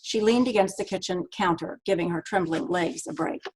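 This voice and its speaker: A woman author reading aloud from her own novel in a steady, measured way. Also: lowish voice, breathy edge, low-quality recording.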